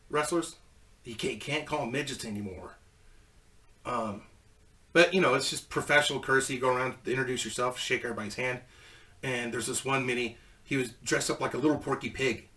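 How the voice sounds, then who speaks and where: A bright, forward-voiced man tells a loose, rambling story, dropping swear words freely and laughing at his own punchlines. He sits a little back from the microphone, so the sound is slightly distant. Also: mid-range voice. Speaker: storyteller, ex-wrestler. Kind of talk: casual profane storytelling.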